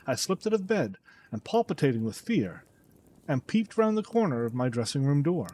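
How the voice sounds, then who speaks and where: Expressive male audiobook narrator. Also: on the high side, normal speed, slight background noise. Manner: dramatic, expressive storytelling.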